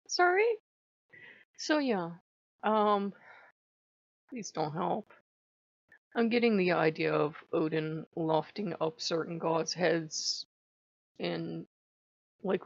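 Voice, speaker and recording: A woman's voice: fairly low pitch, takes it slowly, long pauses, no echo. Woman, casual spiritual vlog, wry and chatty, laughs often, dull dry lo-fi recording. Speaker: spiritual vlogger.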